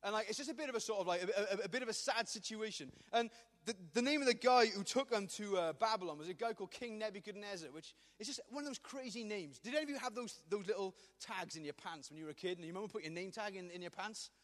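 Male pastor, high bright voice, quick and jokey, church hall reverb. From Wales. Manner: joking, rambling, self-deprecating. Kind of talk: humorous youth sermon.

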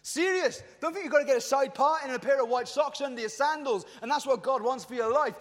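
A man in his thirties preaching to young people with a passionate, colloquial delivery. His voice sits very high for a man. The sound rings with the long reverb of a big hall. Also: fast talker. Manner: passionate and colloquial, addressing the crowd. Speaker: youth preacher. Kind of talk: lively youth sermon. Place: large hall at a youth event.

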